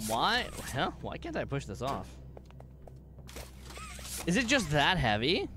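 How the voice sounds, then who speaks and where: A man streaming a video game, reacting out loud in an excitable way, swearing and jumping to sudden shouts. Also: fairly high pitch, slow pace, music in the background. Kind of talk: gaming livestream commentary.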